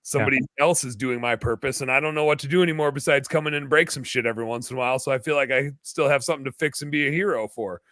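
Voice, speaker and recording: A man chatting on a podcast with a bright, forceful voice. He rambles casually and fills the gaps with "like" and restarts. The sound is dry and close, with no room around it. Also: medium pitch, rapid-fire, hardly any pauses, no echo. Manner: loose, rambling, lots of fillers and restarts. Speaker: podcast guest. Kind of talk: casual conversation.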